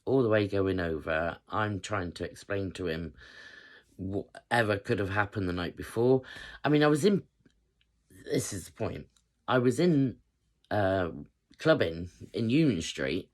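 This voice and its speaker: A woman's voice: rumbling low, expressive, a little slow, pauses often. A woman in her fifties from England, chatting casually as she tells a personal story, rambling with many fillers. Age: 50s. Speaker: vlogger.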